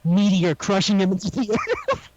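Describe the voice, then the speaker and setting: A high-pitched man co-hosts a casual podcast and retells a show with lively energy, often acting out the characters' lines. His voice sounds dry and close. The audio is a little dull. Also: moderate pace, no echo. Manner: animated storytelling, acts out quotes, laughs often. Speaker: podcast co-host. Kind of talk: casual chat recapping an anime.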